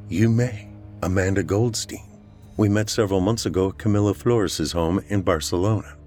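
A man voicing a determined woman who talks in a low, grave and accusing way. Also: moderate pace, darkish tone, soft background music, natural voice. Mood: polite.

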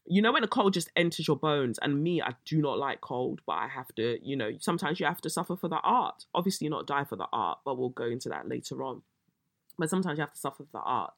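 A woman, hosting a casual solo podcast, a little croaky, telling stories with swearing and dramatic outbursts. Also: a bass voice, fast, no room sound, studio quality. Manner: animated storytelling, swearing, bursts of exaggerated shrieking. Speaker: podcast host.

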